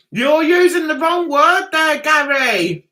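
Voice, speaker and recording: A woman's voice: high-pitched, bright, forceful tone. An English woman hosting a casual livestream, chatting and answering viewer comments aloud, often laughing. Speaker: livestream host.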